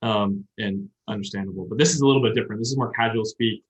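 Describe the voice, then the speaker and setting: A man's voice: on the low side, quick pace, slightly rough. A man hosting a podcast, explaining grammar at length in a casual chat and thinking aloud as he goes. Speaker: podcast host teaching Japanese. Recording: dull lo-fi sound.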